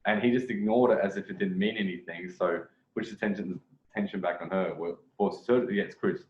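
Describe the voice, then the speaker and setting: A man with a low, brisk voice comments on a video clip as a dating coach, rambling, correcting himself, and repeating phrases. The recording sounds dull and lo-fi, made in an echoey room.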